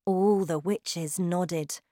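A woman narrating a children's storybook aloud in a slow, deliberate, expressive way. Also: fairly low pitch, no room sound, studio quality. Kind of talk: storybook reading.

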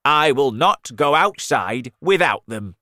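A fussy centipede who complains loudly, voiced by a man in a raised storybook voice. Pushy and stubborn in tone, with wide swings in pitch. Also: very animated, slow, dry recording, clean studio sound, exaggerated voice. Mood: complaining. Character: fussy centipede with many boots.

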